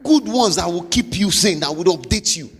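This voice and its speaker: A man with a Nigerian accent, a pastor giving a motivational sermon with forceful, repetitive exhortation. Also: high voice, lively intonation, moderate pace, husky. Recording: long hall reverb.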